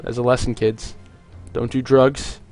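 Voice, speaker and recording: A young man casting a video game match on his own, chatty and jokey, with many filler words and quick asides. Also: medium pitch, little pitch movement, over music. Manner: rambling, jokey, lots of "like" fillers. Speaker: esports caster. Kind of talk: solo play-by-play commentary.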